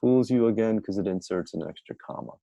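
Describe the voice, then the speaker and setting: A man teaching a casual grammar lesson, talking in a chatty, energetic way and thinking aloud as he goes. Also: fairly low pitch, brisk, creaky, no room sound, poor audio.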